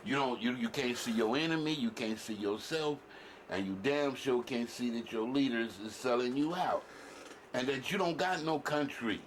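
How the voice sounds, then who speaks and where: A man's voice: medium pitch, moderate pace, slight background noise. A man giving blunt, profane commentary in heavy slang. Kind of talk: heated street-talk commentary.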